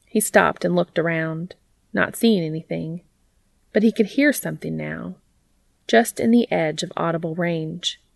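A woman reading fiction aloud as a narrator, in a steady, even way. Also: fairly low pitch, measured pace, vocal fry, no echo. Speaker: audiobook reader.

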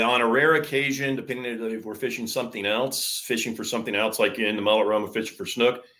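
A man's voice: lowish voice, a bit bright. A man from Florida who guides surf fishing charters, giving easygoing interview answers full of fillers and restarts. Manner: easygoing, explains with many fillers.

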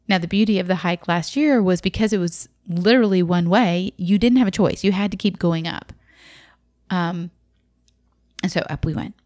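Woman, lowish voice, dry close sound, reflective and vivid storyteller. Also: darkish tone, no room sound. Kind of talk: personal storytelling talk.

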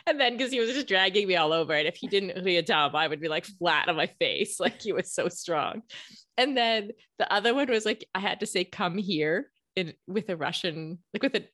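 Telling a story during a relaxed podcast chat, this co-host laughs frequently. She has a fairly low, expressive, slightly bright voice at a moderate pace, recorded at studio quality with no room sound.

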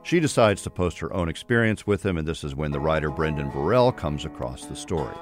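Deep-voiced male podcast host. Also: animated, soft background music. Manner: measured, probing, recaps the story. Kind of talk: narration and interview questions.

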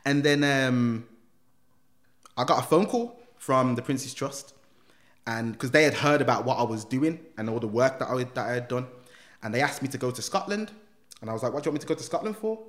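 Guy telling his story, slangy and lively, swings up and down, middle voice. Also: medium pitch, moderate pace. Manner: animated, slangy, acts out voices. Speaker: guest. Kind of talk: emotional personal storytelling.

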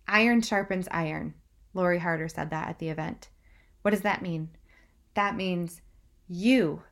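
A young woman vlogging an enthusiastic, emotional recap that she speaks straight to her viewers. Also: on the low side. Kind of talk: casual vlog recap.

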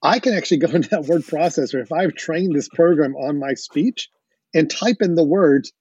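A man's voice: fairly high pitch, normal speed, a little mellow, slightly rough, no room sound. A man hosting a podcast, explaining things with enthusiasm and the odd chuckle, on dull lo-fi audio. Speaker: podcast host. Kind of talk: casual podcast chat.

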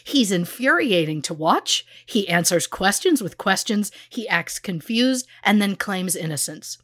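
A woman's voice: mid-range voice, expressive, measured pace, fairly bright tone, no echo, clean studio sound. A woman co-hosting a true crime podcast, blunt and sarcastic as she recaps a case. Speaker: podcast co-host.

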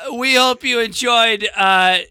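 A man's voice: very high voice, unhurried. A man co-hosting a podcast in casual talk, dropping dry, sarcastic asides. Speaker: podcast co-host.

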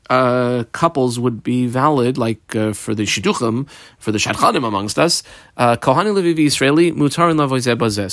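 A man's voice: medium pitch, fairly bright tone, no room sound, clean studio sound. A man teaching a Talmud page in a casual, explaining way, translating Hebrew and Aramaic terms into plain English as he goes.

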